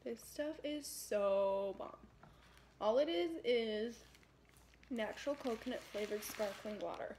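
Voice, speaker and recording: A young woman chats casually through an eating vlog in a high, bright-pitched voice. She giggles often and talks between bites, playful and relaxed, with faint hiss underneath. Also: slow pace. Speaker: vlogger host. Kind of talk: casual mukbang chat.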